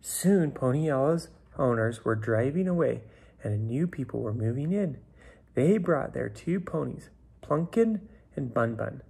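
A man reading a children's picture book aloud, unhurried, often dropping to a whisper. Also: medium pitch, animated, gravelly, mellow, slightly rough. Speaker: storybook reader. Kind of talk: children's story read aloud.

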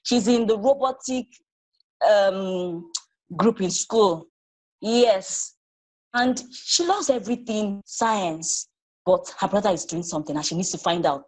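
A woman author reading her story aloud to children, animated and stopping to ask them questions. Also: medium pitch, measured pace, poor audio.

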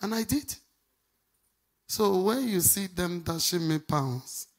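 A woman's voice: fairly low pitch, lively intonation. A Nigerian woman pastor preaches with a lilting, sing-song delivery, stretching out the words she stresses. She keeps tossing questions to the congregation and waits for them to call back the answers. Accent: Nigerian English. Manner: emphatic, drawn-out stressed words. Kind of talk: preaching sermon with call-and-response.

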